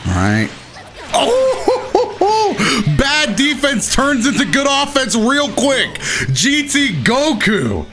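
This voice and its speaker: A young man giving excitable live commentary on his own fighting game matches, talking to himself and laughing at his own mistakes. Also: very high voice, slow pace, faint music behind. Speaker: gaming commentator.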